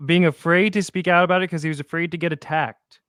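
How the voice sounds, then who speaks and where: A man's voice: a little high, steady tone, fast, fairly bright tone, smooth, no echo, studio quality. Incredulous man hosting a show. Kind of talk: commentary over clips.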